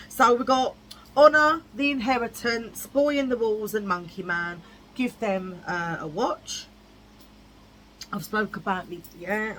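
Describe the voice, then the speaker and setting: A woman's voice: medium pitch, bright, forceful tone, a little hiss or hum, poor audio. A woman vlogging in a blunt, chatty way, repeating herself for emphasis. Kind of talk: casual chat.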